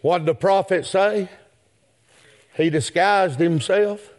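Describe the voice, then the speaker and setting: In a sermon to his congregation, a man with a high-sitting voice takes his time. He leans on "my friend" and "yes, sir" as refrains and builds toward shouted high points.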